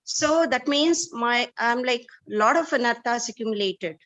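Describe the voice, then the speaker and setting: High-pitched woman, earnest questioner, halting delivery. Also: fairly bright tone. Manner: hesitant, restarts with "uh", earnest and direct. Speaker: student. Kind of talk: asking questions in a class.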